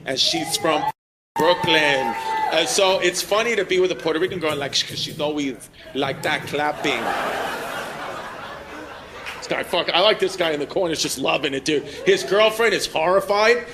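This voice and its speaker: A man doing stand-up, teasing audience members with profane, brash crowd work at a live show. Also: high-pitched. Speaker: stand-up comedian. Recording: live room mic with loud crowd. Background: audience laughter and crowd noise.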